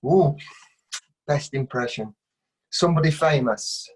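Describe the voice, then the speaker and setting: A man's voice: medium pitch, unhurried. A middle-aged man, a kids' entertainer, giving dry, teasing answers in a casual interview. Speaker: kids' entertainer and ventriloquist guest.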